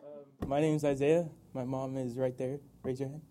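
A man's voice: mid-range voice, little pitch movement, normal speed, warm tone, a little hiss or hum. A young man giving a hesitant thank-you to his mother in front of a group. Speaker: son giving a tribute. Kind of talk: informal public speech.

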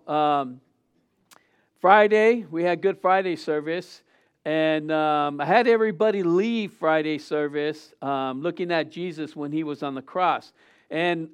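A man's voice: a little high, clean tone. Man preaching a loose, rambling sermon. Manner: rambling, with many fillers and restarts; voice swells on quoted lines. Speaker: pastor. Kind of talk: casual Easter sermon.

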